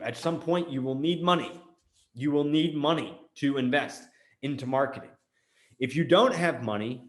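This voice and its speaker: Speaking in a medium-pitched voice from an echoey room, a US show host offers blunt, emphatic motivation on business. He repeats his points to drive them home.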